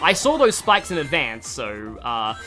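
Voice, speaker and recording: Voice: mid-range voice, big pitch swings, measured pace, over music. An Australian streamer giving casual, rambling commentary on a game, self-deprecating and full of fillers.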